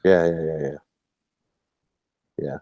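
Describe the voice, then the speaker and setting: A deep, gravelly-voiced man talks in a laid-back, unhurried way, with the odd mild curse. The sound is close and dry, with no room around it. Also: fairly even intonation, mellow, no echo. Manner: laid-back, mild cursing, fumbling with screen share. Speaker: podcast co-host. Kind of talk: casual live-stream chat.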